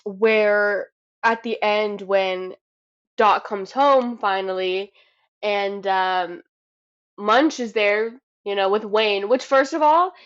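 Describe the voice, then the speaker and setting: A woman co-hosting a casual podcast, talking in an animated, swearing way and acting out her own reactions. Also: medium pitch. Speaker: podcast co-host. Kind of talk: casual chat. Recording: dull lo-fi sound.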